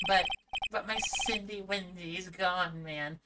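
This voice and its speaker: A woman's voice: fairly low pitch, fairly even intonation, takes it slowly, far from the mic, heavy background noise. A woman voicing a gloomy, self-pitying young man in a video game with a whiny, mopey delivery. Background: loud game music.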